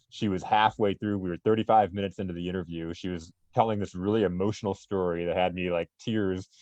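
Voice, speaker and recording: A man co-hosting an interview show, effusive in his reactions and quick to laugh. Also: deep voice, a little mellow, dry recording, dull audio. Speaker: co-host. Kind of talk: casual interview chat.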